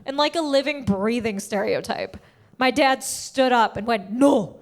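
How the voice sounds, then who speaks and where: A woman comedian telling a story on stage in an animated way, with big leaps in pitch on the punchlines. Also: moderate pace. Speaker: stand-up comedian. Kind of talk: stand-up comedy set.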